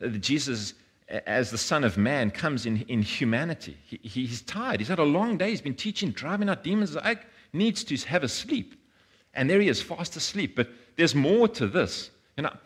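A man's voice: fairly low pitch, fairly bright tone. A man preaching a conversational sermon, earnest and informal, often restarting and repeating words as he speaks.

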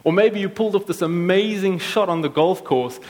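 A man preaching a sermon, telling stories and acting out quotes with lively energy. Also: high voice, moderate pace, rough recording. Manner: storytelling, animated with acted-out quotes. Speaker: pastor.

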